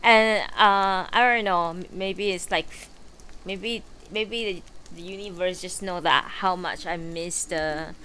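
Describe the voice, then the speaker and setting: A woman's voice: fairly low pitch, fairly even intonation, unhurried, bright, forceful tone, clean tone. A woman live streamer chatting casually from her bedroom before a book reading, rambling and swearing freely with lots of fillers. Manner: rambling and profane, with many fillers.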